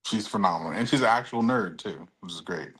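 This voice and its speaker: A man's voice: low-pitched, fast talker, fairly bright tone, husky, low-quality recording. A man co-hosting a casual pop-culture podcast, laid-back, mostly reacting with short remarks. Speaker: podcast co-host.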